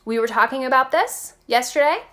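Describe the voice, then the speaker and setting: A woman with a slightly high voice gives an informal spiritual talk straight to her viewers. Her delivery is lively and chatty, full of "like" and "okay". She sounds like a vlogger thinking out loud. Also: fairly quick. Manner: animated, chatty, peppered with "like" and "okay".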